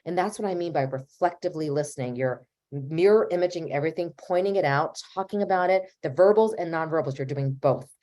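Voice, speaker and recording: A woman's voice: sits low, fairly quick, hardly any pauses, warm tone. Earnest woman therapist giving advice. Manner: earnest, advisory, acts out parent and child lines. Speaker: family therapist panelist. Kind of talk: webinar panel answer.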